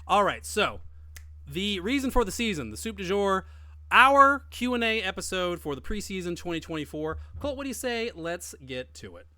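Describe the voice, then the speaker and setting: A man's voice: normal speed, dry recording, studio quality. Emphatic man co-hosting a podcast. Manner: emphatic, animated, with big swings in pitch. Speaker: podcast co-host. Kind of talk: casual podcast chat.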